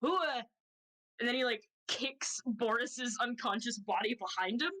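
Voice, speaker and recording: A woman runs a tabletop game from home, narrating in a loose, rambling way with plenty of laughter. Her voice sits a little high and stays casual. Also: moderate pace, bright, forceful tone, low-quality recording. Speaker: game master.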